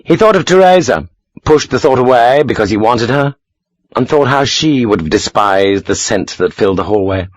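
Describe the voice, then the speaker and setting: A man narrating an audiobook in an expressive, animated way. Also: lowish voice, no room sound.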